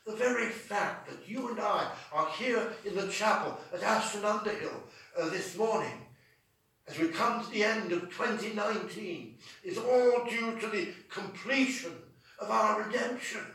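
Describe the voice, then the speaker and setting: A man's voice: high voice, unhurried, bright, forceful tone. A man preaching a sermon in a chapel, fervent and drawn out in his emphasis. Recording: echoey chapel from far off.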